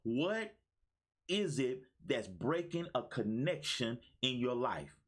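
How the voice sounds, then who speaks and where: Man, 50s, motivational livestreamer, lively swooping pitch, slightly husky voice, exuberant call-and-response. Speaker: motivational speaker. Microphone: phone.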